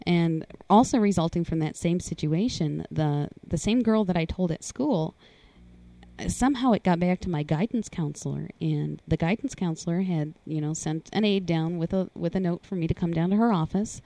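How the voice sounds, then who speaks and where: A woman telling a hard personal story in a conversation, earnest and halting. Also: animated, vocal fry, dark tone, no room sound. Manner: earnest, halting, rises in pitch when voicing others. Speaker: guest sharing personal story.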